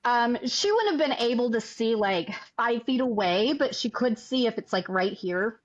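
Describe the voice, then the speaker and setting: A woman artist telling a story as a podcast guest, animated, acting out what people said. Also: a little high, moderate pace. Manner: animated, acts out quoted dialogue. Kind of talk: casual interview storytelling. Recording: dull lo-fi audio.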